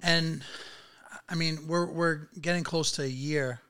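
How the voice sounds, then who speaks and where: A man's voice: a little high, fairly even intonation, a little slow, bright, forceful tone, clear, resonant tone. A man hosting a casual interview, asking curious follow-up questions. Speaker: podcast host.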